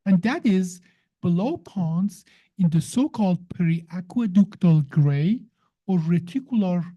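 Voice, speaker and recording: Woman, science explainer, emphatic and teacherly, very dark mellow timbre. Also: fairly low pitch, lively intonation, unhurried, muffled recording. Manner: emphatic, teacherly, asks the listener questions. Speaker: science guest explaining the brain. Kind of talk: explanatory conversation.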